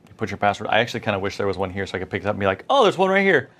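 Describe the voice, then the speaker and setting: A man's voice: low-pitched, little pitch movement, rapid-fire, a bit bright. A man co-hosting a conversational tech lesson, chatty and full of anecdotes and quoted asides. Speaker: co-host.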